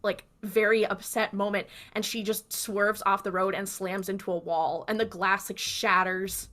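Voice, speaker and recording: This young woman's voice is medium in pitch and a bit bright, with fairly even intonation and a moderate pace. As a podcast co-host in a casual recap chat, she retells scenes by performing the characters' dialogue.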